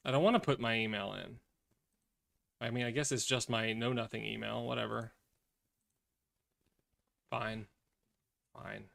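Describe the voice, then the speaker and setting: A man talks through the day's headlines on a live stream, cursing as his temper flares. His voice is bright and edged, and it drops into low, tired mumbles between the outbursts. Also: a little fast, gravelly. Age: adult, has children. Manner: profane, swings from angry rants to weary mutters. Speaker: streamer reacting to news. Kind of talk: casual live commentary.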